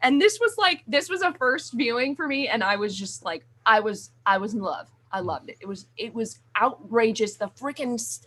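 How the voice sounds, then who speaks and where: A woman's voice: fairly high pitch, lively intonation, normal speed, few pauses, a bit bright. A young adult woman co-hosting a podcast, chatting casually and gushingly about horror movies with many fillers. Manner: gushing, rambling, lots of fillers and swearing. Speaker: podcast co-host.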